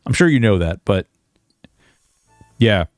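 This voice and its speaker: A man's voice: on the low side, very animated, takes it slowly, no room sound, studio quality, soft background music. A Canadian man streaming a video game, chatting in a rambling, casual way and swearing now and then. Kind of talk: casual gaming stream chat.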